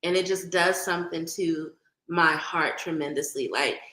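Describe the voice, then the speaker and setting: A woman's voice: low voice, fairly even intonation, normal speed, pushed and bright, reverberant, rough recording. A woman from Oakland with a light Bay Area accent, chatting casually with viewers on a livestream and greeting them by name. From Oakland, California. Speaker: livestream host.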